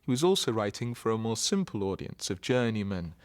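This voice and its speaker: A man, an actor, giving measured, explanatory interview answers. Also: fairly low pitch, very animated, smooth. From Britain.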